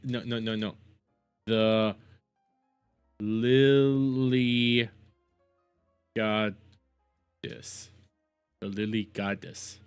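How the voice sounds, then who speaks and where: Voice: medium pitch, steady tone, extremely slow, long pauses, clean tone, dry recording, clean studio sound, soft background music. A streamer chatting live while reacting to clips, rambling, repeating themselves, stammering and laughing often.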